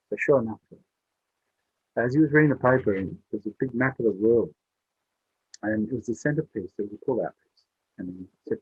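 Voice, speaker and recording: A man telling a story aloud in a relaxed oral style, switching his voice for the characters. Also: fairly quick, breathy edge, no echo. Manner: voices the characters with rising pitch for the child. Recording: dry, tinny phone-like sound.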